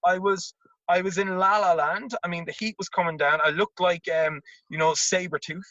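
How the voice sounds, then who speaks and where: A man, a tennis coach telling an animated anecdote as an interview guest and acting out the voices in it. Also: high voice, moderate pace, no echo. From Ireland. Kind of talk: casual storytelling. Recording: dull lo-fi remote audio.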